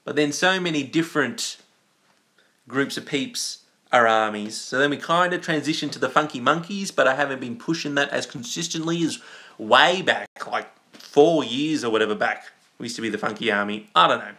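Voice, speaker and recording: An Australian man in his young adult years chats through a livestream, answering viewer comments off the cuff. His voice is bright and forward, sitting at an ordinary middle pitch. He rambles, restarts and slips into silly asides. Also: normal speed. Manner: rambling and goofy, with playful asides. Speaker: livestream host. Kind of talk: casual live-stream chat reading viewer comments.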